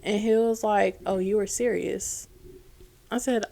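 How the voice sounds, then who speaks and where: Young woman telling a story, animated. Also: medium pitch, a little slow, gravelly, a little hiss or hum. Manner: animated storyteller, acts out quoted dialogue. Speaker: podcast guest. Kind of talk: casual storytelling.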